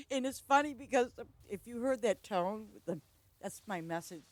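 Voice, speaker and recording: A woman's voice, on the high side, comes through with no room sound. She's a game streamer casually chatting while playing a farming game, rambling through stories, laughing frequently, and breaking off to restart.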